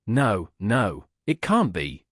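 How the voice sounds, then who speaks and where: A man voicing an anxious, kind young wife who pleads with agitation and repeats herself, in a raised, husky voice. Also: fairly low pitch, huge pitch swings, slow pace, dry recording, clean studio sound, full character voice. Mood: distressed.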